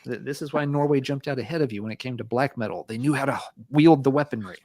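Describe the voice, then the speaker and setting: A man's voice: mid-range voice, fast, darkish tone, no echo, clean studio sound. A man co-hosting a podcast, chatting casually and rambling with stammers, swears and jokey asides. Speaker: podcast co-host. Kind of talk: casual podcast chat about metal.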